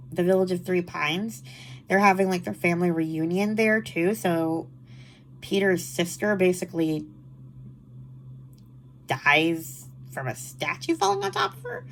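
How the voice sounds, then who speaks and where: A book vlogger with a lowish, nasal voice that sounds stuffed up from allergies chats casually about the books she's read. She speaks expressively and without hurry, filling her wrap-up with "like" and exasperated asides. A little hiss or hum sits in the background.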